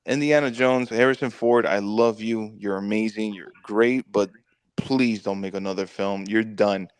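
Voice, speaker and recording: A man on a movie review podcast, retelling the plot in an animated, profane way with quick mock quotes. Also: lowish voice, clear, resonant tone, no echo. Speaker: podcast co-host. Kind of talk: casual movie review chat.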